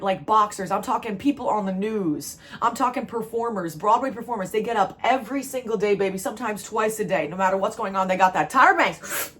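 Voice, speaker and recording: A New Jersey tarot reader gives a spiritual pep talk, emphatic and repetitive, and she keeps calling the listener "baby." She's emotional and close to tears. Her voice is medium-pitched and a bit bright.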